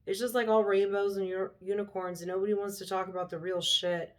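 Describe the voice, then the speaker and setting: A woman's voice: mid-range voice, level tone, quick pace. Profane, heated woman ranting to camera. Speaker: vlogger. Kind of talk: casual rant to camera.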